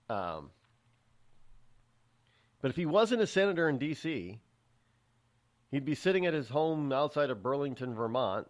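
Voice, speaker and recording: A man hosting a talk radio show, delivering a sarcastic, rambling opinion monologue with frequent restarts and repeated words. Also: medium pitch.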